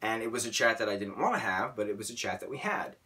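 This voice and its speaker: A man in his late twenties with a bright, forceful voice rambles emotionally through a casual vlog, restarting sentences as he goes. He sits a little back from the mic. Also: on the low side, lively intonation, fast, far from the mic. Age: late 20s. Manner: emotional, rambling, self-correcting. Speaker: vlogger.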